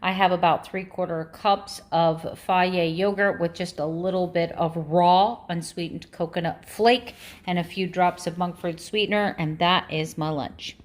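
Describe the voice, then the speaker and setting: A woman's voice: on the low side, steady tone, a little slow. A middle-aged woman chatting casually to camera as a vlogger, rambling and correcting herself as she goes. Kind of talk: casual chat.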